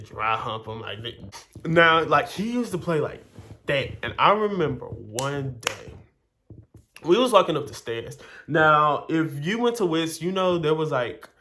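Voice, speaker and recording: A man's voice: medium pitch, a bit bright. Chatty young man telling a story. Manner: chatty, full of fillers, acts out quoted lines. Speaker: vlogger. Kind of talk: casual storytelling.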